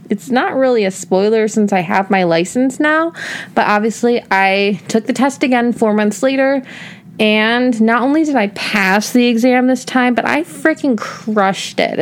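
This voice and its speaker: A woman's voice: medium pitch, clean tone. A woman in her thirties from Northeast Ohio, hosting a solo podcast in a chatty, casual way, with lots of filler words and emphatic asides. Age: 30s. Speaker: podcast host.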